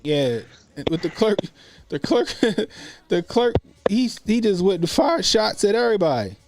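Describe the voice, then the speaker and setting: Casual streamer, man, animated and profane, dry close mic. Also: high voice, a little slow, no echo. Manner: animated, profane, acts out quotes. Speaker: host. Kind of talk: casual livestream commentary.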